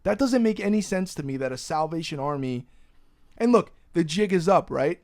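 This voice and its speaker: A young man with a fairly high voice hosts a laid-back podcast. He rants with lively energy and swears without a second thought. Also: normal speed. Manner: ranting, animated, swears freely. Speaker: podcast host. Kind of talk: casual podcast chat.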